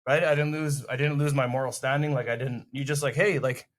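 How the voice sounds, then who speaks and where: A man in casual podcast chat, talking animatedly and acting out what people say. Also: medium pitch. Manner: animated, fast, acts out quoted lines. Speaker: podcast co-host.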